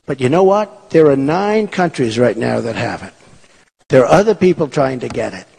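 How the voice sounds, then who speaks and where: Emphatic man, lively pitch, echoing hall. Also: gravelly, husky. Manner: repetitive, emphatic, boastful, digressive. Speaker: political candidate speaking at a rally. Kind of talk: rally speech. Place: large performing arts hall. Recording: long hall reverb.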